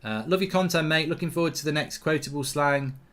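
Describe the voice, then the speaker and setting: A man hosting a live football watchalong, reacting to the match and reading out viewer comments, excitable and blunt, swearing freely. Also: fairly high pitch, fast talker.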